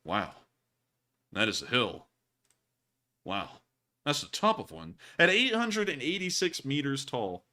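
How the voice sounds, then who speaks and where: Bright-voiced man chatting casually. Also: medium pitch, big pitch swings, a little slow, pauses often. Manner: rambling, filler-heavy, repeated sign-offs. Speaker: host. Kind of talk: casual live-stream chat answering viewer messages.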